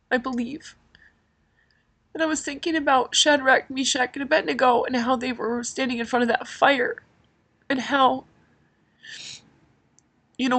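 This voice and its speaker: A middle-aged woman hosts a podcast, her voice a little high, pushed and bright. She tells a personal story emotionally and ramblingly, with lots of fillers.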